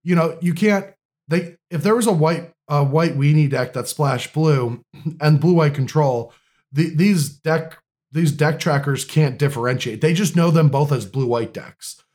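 Chatty, slightly high-voiced man explaining. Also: measured pace. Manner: animated explaining with many fillers and restarts. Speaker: podcast co-host. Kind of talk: casual chat.

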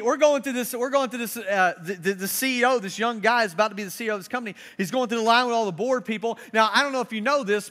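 Animated, high-voiced young male preacher. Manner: animated storyteller, swings between loud and hushed. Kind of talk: sermon with personal stories.

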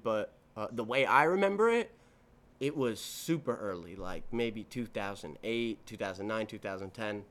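A man's voice: medium pitch, fairly bright tone, clear, resonant tone. A man in his twenties hosting a solo podcast, telling stories in a rambling, profane, self-correcting way. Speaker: podcast host. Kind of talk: casual solo podcast monologue.

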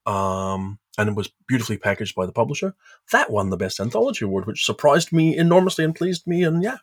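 A man's voice: mid-range voice, expressive, fast talker, dry recording. A man co-hosting a casual podcast chat from home, talking with wry, dry humor. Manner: dry, wry humor with playful announcer bits. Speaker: podcast co-host.

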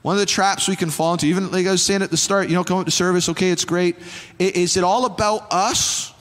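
A man's voice: high voice, fairly even intonation, quick pace, a bit bright. A male pastor preaching a sermon, repeating phrases and building to fervent exhortation. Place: church sanctuary. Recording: church hall reverb with faint music.

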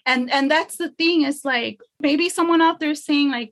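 A woman's voice: high-pitched, moderate pace, hardly any pauses. A woman empowerment coach in a casual podcast conversation, speaking earnestly and emotionally from her faith.

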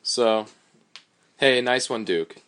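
A man in casual chat recounting a rope descent step by step, measured and halting with fillers. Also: medium pitch, a bit bright.

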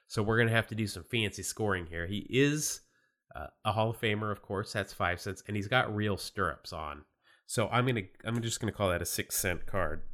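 A man with a very low voice that still sounds bright and forceful, hosting a podcast solo. He is sick and his voice is worn, and he rambles in a relaxed, chatty way, full of fillers and restarts. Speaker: podcast co-host. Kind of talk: casual solo podcast talk about baseball cards.

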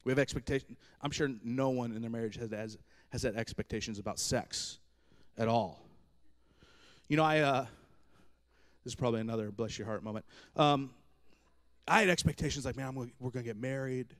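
A man's voice: mid-range voice, a little fast. A man in his thirties preaching a humorous sermon, telling stories from his own marriage with self-deprecating jokes. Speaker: pastor.

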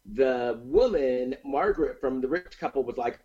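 A man's voice: mid-range voice, normal speed, husky, highs cut off, soft background music. A man casually recapping a movie's plot in a podcast chat, with lots of fillers and restarts. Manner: animated retelling of a plot, with many fillers and restarts.

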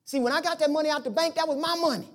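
A man preaching a sermon, speaking colloquially and emphatically to his congregation, rising loud and dropping to hushed storytelling. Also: extremely high pitch, racing.

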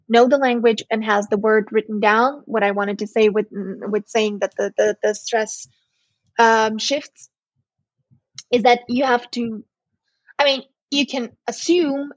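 A woman's voice: a little high, no room sound, muffled recording. A young woman from southern Serbia with a Serbian accent, a native Serbian speaker, talking as a podcast guest in a hesitant way with many fillers and restarts. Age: young adult. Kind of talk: casual chat.

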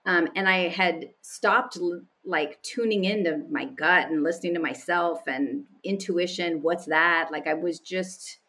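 Woman, guest, candid personal storytelling, animated, laughs often, lowish voice. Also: measured pace, few pauses. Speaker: podcast guest.

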